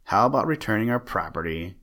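A man's voice: lowish voice, expressive, brisk, a bit bright. A man voicing a determined young male stamp hobbyist who speaks directly and firmly. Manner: direct, firm questioning.

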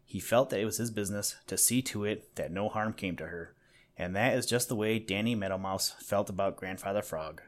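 Low-voiced man reading a storybook. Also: a little fast. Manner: gentle, addressing the listener. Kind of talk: storybook narration.

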